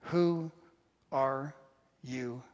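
A male pastor preaching a sermon, telling a personal story with animated swings between loud and hushed delivery. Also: medium pitch, drawn-out words. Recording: reverberant church hall.

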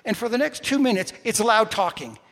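A male pastor preaching a sermon, telling a personal story with animated swings between loud and hushed delivery. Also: high voice, fairly quick. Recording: reverberant church hall.

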